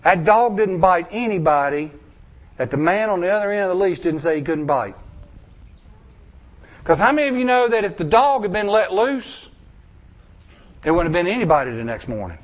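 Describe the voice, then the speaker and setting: A male preacher, telling a story in a sermon, acting out voices and swinging from loud bursts to hushed lines. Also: high voice, very animated, normal speed, long pauses.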